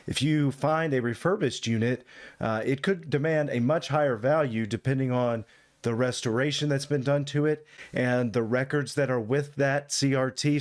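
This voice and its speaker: A man giving casual, explanatory testimony as an expert witness, in a measured way. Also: mid-range voice.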